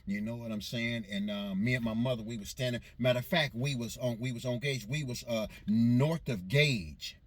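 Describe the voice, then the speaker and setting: A man's voice: mid-range voice, moderate pace, few pauses. A man from Los Angeles casually recounting childhood memories, meandering and correcting himself as he goes. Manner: meandering, self-correcting recollection in a loose vernacular. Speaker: storyteller recounting his childhood. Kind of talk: casual spoken memoir.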